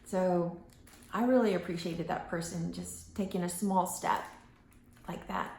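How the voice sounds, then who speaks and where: A woman's voice: on the low side, fairly even intonation, a little slow, a little mellow, a little hiss or hum. A woman talking casually to camera in a vlog, rambling a little and losing her thread now and then. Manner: rambling, loses her thread, acts out quoted voices. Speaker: vlogger. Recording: roomy echo.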